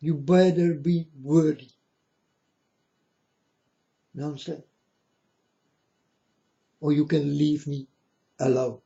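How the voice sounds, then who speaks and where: A man's voice: fairly high pitch, fairly even intonation, takes it slowly, gravelly, long pauses, dark tone. A man hosting his own channel, delivering a blunt, scornful, preachy ranting monologue. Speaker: channel host. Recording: dull lo-fi recording.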